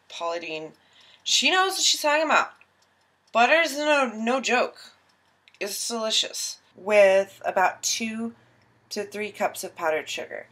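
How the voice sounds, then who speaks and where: A woman's voice: fairly high pitch, a bit bright, slight background noise. A tipsy young woman filming a casual baking tutorial in her home kitchen, giggly, rambling and self-mocking.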